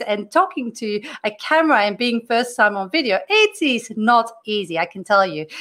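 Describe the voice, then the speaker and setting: A middle-aged woman, not a native English speaker, speaks in a fairly high, slightly bright voice. She's a career coach earnestly working through a personal story in a podcast monologue, often restarting her sentences.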